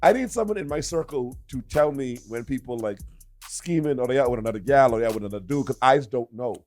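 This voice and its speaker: A man's voice: medium pitch, fast, faint music behind. A man co-hosting a radio show, telling stories in casual banter and laughing a lot, into a studio microphone. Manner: animated storytelling with lots of laughter.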